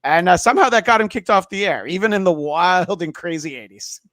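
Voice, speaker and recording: A man guesting on a podcast, telling dry, deadpan jokes in a hesitant way with many fillers. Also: sits high, fairly quick, dry recording. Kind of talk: casual comedic chat.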